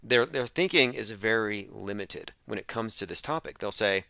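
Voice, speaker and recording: A man's voice: fairly low pitch, lively intonation, normal speed, vocal fry, pushed and bright, no echo. A man hosting an open-phones radio show, talking in an emphatic, sarcastic monologue.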